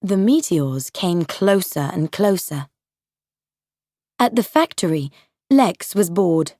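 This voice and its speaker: A woman narrating an audiobook for English learners, slow, clear and carefully paced. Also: fairly low pitch, lively intonation, a little mellow, no room sound, studio quality. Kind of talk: scripted narration of a graded reader.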